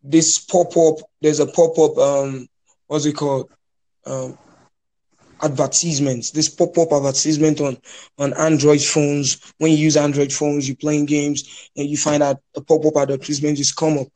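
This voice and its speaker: A man's voice: fairly high pitch, little pitch movement, moderate pace, warm tone. A young Nigerian man with a slightly raised voice talks in a loose, casual way. He hesitates often and circles back to restart his sentences. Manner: hesitant, many restarts and fillers. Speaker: podcast guest. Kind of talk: casual chat.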